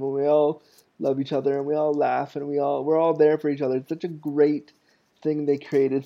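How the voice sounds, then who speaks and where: A man's voice: medium pitch, warm tone, muffled recording. A man in his thirties hosting a podcast, telling candid, self-mocking stories in a casual, chatty way. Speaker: podcast host. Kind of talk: casual storytelling monologue.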